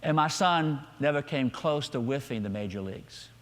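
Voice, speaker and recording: A man's voice: mid-range voice, animated, moderate pace. Man preaching in a reverberant hall. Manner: emphatic preaching, swings from loud to hushed. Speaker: pastor. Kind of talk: sermon. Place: church sanctuary.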